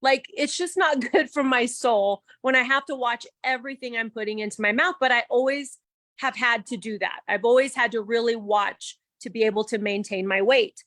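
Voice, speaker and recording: A woman's voice: fairly high pitch, moderate pace, no room sound. Chatty woman telling her story, dry sound. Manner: chatty and animated, with laughs and quoted self-talk. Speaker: guest giving a testimony. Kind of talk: candid personal testimony.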